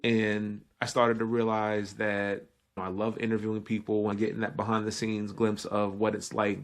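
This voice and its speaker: A man from Brooklyn with a New York accent, talking fast and energetically as a guest chef on a casual podcast. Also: fairly low pitch, completely flat delivery.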